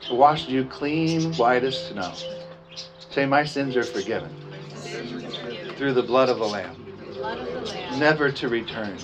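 A man preaching a communion sermon, reading scripture aloud, slowing down on key phrases and leading the congregation in repeating lines. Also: mid-range voice. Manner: emphatic, slows down on key phrases. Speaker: pastor. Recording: dull lo-fi sound with music behind. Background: music playing.

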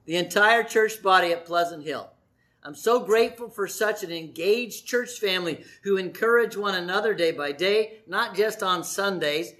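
High-voiced chatty man preaching. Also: moderate pace, a bit bright. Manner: chatty and jokey, laughs often. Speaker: pastor. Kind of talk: sermon with church announcements. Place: church sanctuary.

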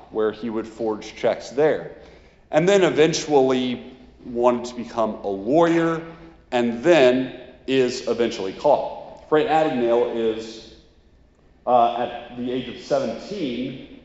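A man's voice: medium pitch, a little mellow. A man giving a sermon in a casual, conversational way, full of fillers. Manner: casual, conversational, many "like" and "you know". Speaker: preacher. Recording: echoey hall, dull sound.

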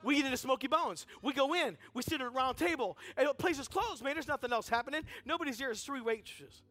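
High-voiced man telling a lively sermon story. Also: fast talker. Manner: energetic and conversational, acts out dialogue in the story. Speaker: guest speaker at a church service. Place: church sanctuary.

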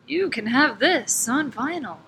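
Brief: unhurried woman podcast co-host, rambling and giggly, faint room hiss. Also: high-pitched, animated, fairly bright tone. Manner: rambling, giggly, swears casually. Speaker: podcast co-host presenting bands. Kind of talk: casual chat.

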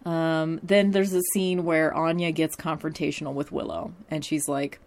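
A woman's voice: low-pitched, little pitch movement, moderate pace, darkish tone. A woman recapping a TV episode in casual chat, full of fillers, asides and opinions. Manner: chatty, many fillers and asides, laughs often.

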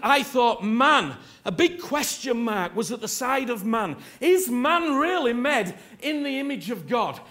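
A male preacher delivers a sermon in an unusually high, bright voice. He speaks slowly and deliberately, stretching key phrases for emphasis. His delivery is impassioned, with sudden loud peaks as he urges the congregation on.

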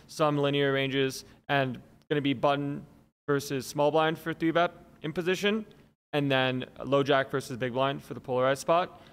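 A man's voice: medium pitch, fairly bright tone, clean tone, big-room sound. A man working as a poker coach, laughing easily in chat and explaining methodically. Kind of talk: casual chat and course rundown.

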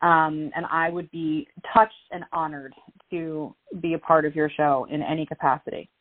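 A woman yoga teacher being interviewed, soft-spoken and measured, choked up with emotion. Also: low-pitched, little pitch movement. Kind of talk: podcast interview. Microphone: call. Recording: tinny phone line.

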